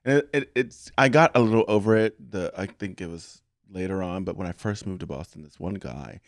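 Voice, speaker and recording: A man's voice: deep voice, fairly quick, no echo, clean studio sound. A man co-hosting a podcast, telling stories in casual chat and acting out other people's voices. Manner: animated storyteller, acts out voices. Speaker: podcast co-host.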